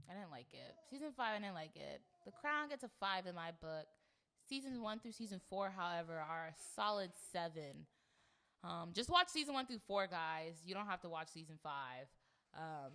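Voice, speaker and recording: Animated young woman chatting on a podcast. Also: lowish voice, moderate pace. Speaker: podcast host. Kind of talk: casual chat.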